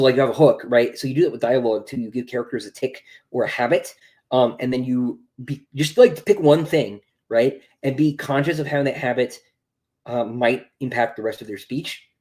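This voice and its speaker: Reading viewers' questions out loud, a young author answers them in a loose, rambling livestream chat. His voice is medium-pitched and a little mellow, his pace moderate, and he keeps stumbling into ums and restarting sentences.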